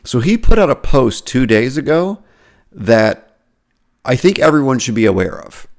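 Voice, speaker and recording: A man's voice: medium pitch, sing-song, moderate pace. A man hosting a podcast, casually reading and commenting on social media posts with self-deprecating asides. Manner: self-deprecating, chatty, lots of restarts. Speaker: podcast host and therapy professor.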